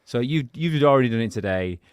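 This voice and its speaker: A man co-hosting a podcast in loose, giggly banter, his pitch swinging widely as he rambles and teases. The sound is dry and close, with no room around it. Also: expressive, a little fast, clear, resonant tone, no room sound, dull audio. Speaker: podcast co-host.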